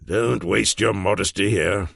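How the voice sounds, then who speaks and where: A man doing a gruff old prime minister. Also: on the low side, steady tone, a little slow, a bit bright, dry recording, clean studio sound, exaggerated voice. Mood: commanding. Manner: gruff, commanding.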